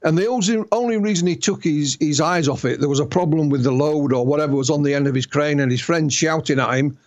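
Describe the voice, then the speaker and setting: A man's voice: fairly high pitch, quick pace, darkish tone, dull audio. A man with a Yorkshire accent, an author telling stories as a guest in an interview, often restarting his words. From Yorkshire, England. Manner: storytelling, repeats and restarts words. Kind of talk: interview conversation.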